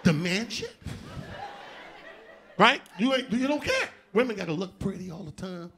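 A man doing a live stand-up set, loud and animated, shouting out punchlines and acting out other people's voices. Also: high-pitched, normal speed, slight background noise. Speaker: stand-up comedian. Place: theater stage before a live audience.

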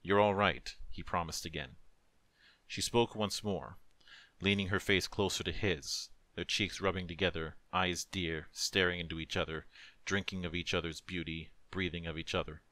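A man who is a streamer reads a dark fantasy story aloud with a solemn, emotive, measured delivery into a close microphone. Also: low-pitched, steady tone, no room sound. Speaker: narrator, streamer. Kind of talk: dramatic story reading.

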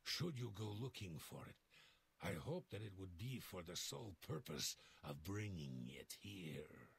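A gravelly stern guild master. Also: male voice, low voice, big pitch swings, unhurried, a bit bright, exaggerated voice. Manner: commanding, secretive.

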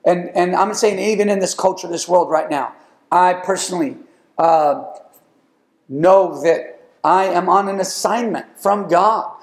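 High gravelly man preaching in an echoey church. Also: measured pace. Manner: emphatic preaching with rising calls to the congregation. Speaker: pastor. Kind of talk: sermon. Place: church sanctuary.

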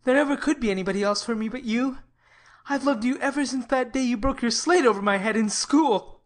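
A woman reading the lines of a frank, tender young man in love, at a quick, heartfelt pace. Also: a little high, lightly acted. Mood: earnest. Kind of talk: audiobook character reading.

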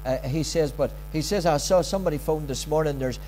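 A man's voice: on the high side, a little fast, mellow, a little hiss or hum. A middle-aged man preaching a sermon as pastor, talking conversationally, often repeating words and acting out prayers and quotes.

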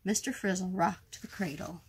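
A woman reading a children's picture book aloud in a gentle, expressive storytime manner. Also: fairly low pitch, moderate pace, slight background noise. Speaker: storytime reader.

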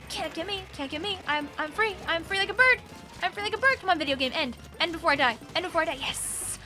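A young woman streamer giving excitable, teasing commentary on her own gameplay from a desk microphone at home. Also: very high-pitched, fast, music in the background. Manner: playful, teasing, squealing and laughing often. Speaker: gaming streamer.

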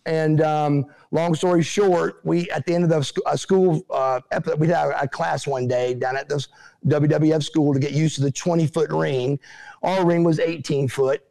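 A middle-aged man tells his stories as an interview guest, with a gravelly, slightly high voice. He is animated and acts out what others said in put-on voices. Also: normal speed. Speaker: interview guest, former pro wrestler. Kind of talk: casual storytelling.

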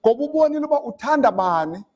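A man preaching a sermon in a church, switching between English and Xhosa and building up to shouted lines. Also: extremely high pitch, very animated, rapid-fire. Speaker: pastor.

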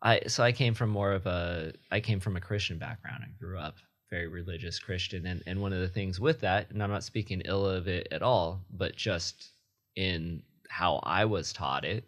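A man's voice: low voice, moderate pace. A man speaking as a podcast guest, a yoga teacher talking reflectively and matter-of-factly in casual conversation. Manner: reflective, frequent restarts, matter-of-fact.

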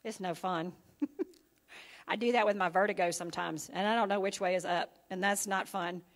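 A woman's voice: medium pitch, fairly even intonation, normal speed. A woman pastor preaching an evening sermon in a conversational style, often checking in with her listeners. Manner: conversational preaching with frequent "okay?" and "right?" check-ins. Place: church sanctuary.

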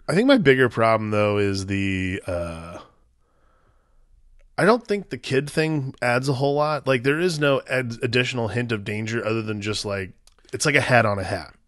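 A man's voice: medium pitch, expressive, moderate pace, a bit bright, no echo, studio quality. A man co-hosting a film podcast, chatting casually with short agreeing interjections. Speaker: podcast co-host. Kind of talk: casual film review chat.

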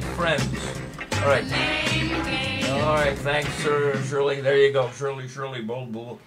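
A chatty man hosts a home trivia stream with an easygoing, middle-pitched voice. He rambles between questions with groan-worthy puns and calls out viewers' names. Clear music plays under his talk. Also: fairly even intonation, normal speed. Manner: jokey, chatty, reads out viewer names and answers. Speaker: trivia show host. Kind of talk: casual live-stream trivia hosting.

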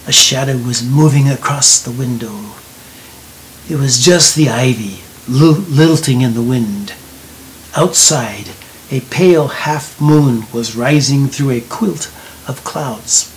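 A man narrating a storybook slowly and softly, sometimes sinking into a whisper. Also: medium pitch, a little hiss or hum, low-quality recording. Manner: slow, soft reading that drops into whispers.

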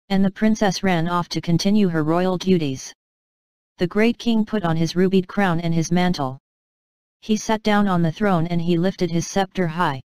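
A woman narrating a devotional allegory audiobook in a measured, dramatic storytelling manner. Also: fairly low pitch, darkish tone, clear, resonant tone, dry recording, low-quality recording.

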